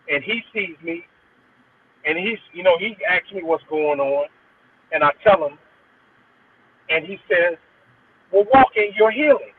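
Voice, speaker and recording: Middle-aged male guest, earnest rambling storyteller, slightly high voice, faint hiss on the line. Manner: earnest, rambling with frequent restarts. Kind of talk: personal storytelling in an interview. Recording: tinny phone line with faint noise.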